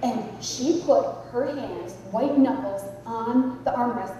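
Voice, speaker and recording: A woman's voice: on the high side, slow. A woman speaker telling a dramatic, humorous story to a conference audience. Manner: lively, dramatic, animated. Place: large conference hall. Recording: echoey hall, distant mic, background noise.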